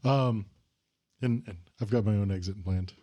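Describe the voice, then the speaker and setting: A man with a fairly low voice plays a tabletop game. He lays out his character's moves in a wry, dry manner. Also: moderate pace, mellow. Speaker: player.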